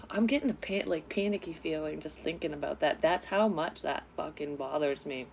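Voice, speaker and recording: A woman's voice: low voice, normal speed, creaky, slightly rough. A woman vlogger telling a personal story in a casual, rambling way, swearing often and drifting onto side topics. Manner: rambling, frequently sidetracked; swears often, frank and confessional. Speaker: psychic medium vlogger.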